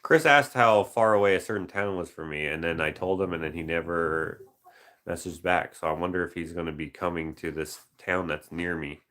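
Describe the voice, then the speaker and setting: A man painter chatting casually on a live stream, musing aloud over viewer suggestions and slipping into quick movie-quote voices. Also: low-pitched, a bit bright. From Canada.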